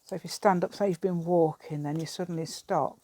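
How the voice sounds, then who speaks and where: A woman's voice: on the low side, steady tone, a little fast, mellow, no echo. A middle-aged English woman chatting in a rambling way while she works on a craft project, laughing often. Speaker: craft vlogger. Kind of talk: casual chat while crafting.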